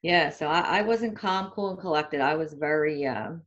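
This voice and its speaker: A woman in her fifties telling her own story in a candid, animated way as a guest in a casual group chat. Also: low-pitched, moderate pace, lo-fi sound. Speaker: panel guest.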